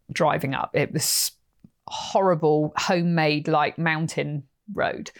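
A woman podcast host telling a personal story in a lively, animated way, acting out quotes as she goes. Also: fairly low pitch. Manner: animated, vivid retelling with acted-out quotes.

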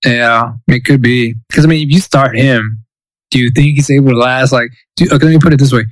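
A man's voice: mid-range voice, fairly even intonation, fairly quick, dry recording, low-quality recording. A man co-hosting a casual soccer podcast, rambling with restarts and joking asides. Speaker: podcast co-host. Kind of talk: casual sports chat.

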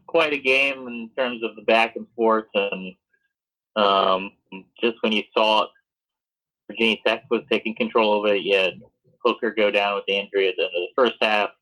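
A man recapping a game in casual podcast talk, halting with fillers. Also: fairly low pitch, fairly even intonation, sharp tone, low-quality recording. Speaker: podcast co-host. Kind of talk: casual sports chat.

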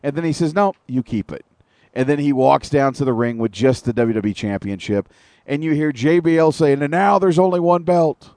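A man's voice: medium pitch, a little fast, mellow, no echo. Profane ranting wrestling-talk man. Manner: ranting, profane, detailed recaps. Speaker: podcast co-host.

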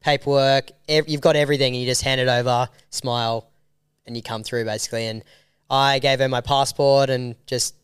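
A man telling a story in loose, animated chat, full of fillers and restarts. His voice is smooth and clean. The sound is dry and close. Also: mid-range voice, a little fast, dry recording. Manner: animated, rambling with many fillers. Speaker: documentary filmmaker guest. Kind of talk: casual storytelling.

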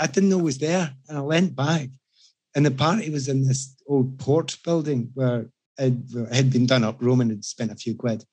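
A Scottish man chatting with friends, spinning lively, self-mocking stories with a husky, breathy voice. His pitch sits in the middle range for a man. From Scotland. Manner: animated anecdotes, self-mocking. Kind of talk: casual chat.

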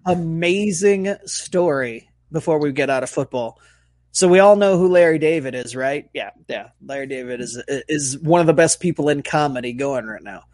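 A man co-hosting a podcast, telling stories in casual banter with animated, profane delivery. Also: on the high side, normal speed, no room sound. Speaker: podcast co-host.

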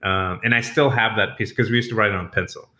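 A chef from New York telling stories in a casual interview, animated and laughing, with frequent restarts. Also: male voice, lowish voice, quick pace.

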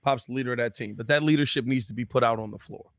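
A man co-hosting a casual sports podcast, talking in animated, emphatic riffs. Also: mid-range voice, no echo, clean studio sound. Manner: animated, emphatic riffing with dramatic pauses.

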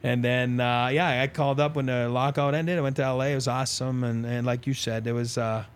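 A man's voice: mid-range voice, brisk, smooth. A middle-aged man, a former pro hockey player, telling long rambling anecdotes in a casual podcast interview, acting out the dialogue. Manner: rambling, animated anecdotes with quoted dialogue and laughs.

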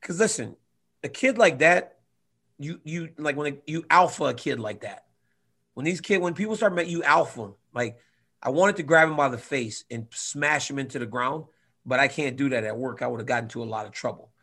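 A man in his twenties telling a story in casual chat, animated, swinging from loud to quiet. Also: medium pitch, a little fast. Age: 20s. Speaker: guest fighter.

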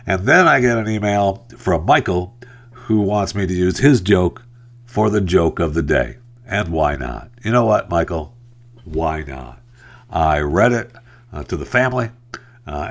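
A man hosting a talk podcast, chatting casually and joking, with rambling asides. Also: deep voice. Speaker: podcast host. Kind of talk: casual talk show monologue.

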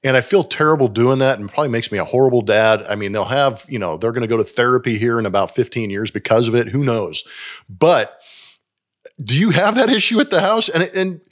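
A man in his forties, co-hosting a podcast, telling home stories in a lively, animated way. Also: medium pitch, brisk. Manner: animated storyteller, acts out his daughters' voices. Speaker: podcast co-host. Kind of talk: casual chat.

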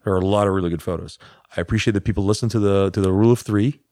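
A man's voice: on the low side, steady tone, rapid-fire, darkish tone, no room sound, studio quality. Casual, joking male podcast co-host. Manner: joking, rambling, mock-heroic asides.

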